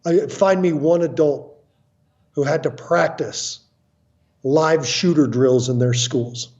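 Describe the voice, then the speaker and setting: This US man, interviewed about counseling families, speaks slowly in a darkish voice on the high side, with the highs cut off. He tells his stories bluntly and emphatically, acting out quotes from other people.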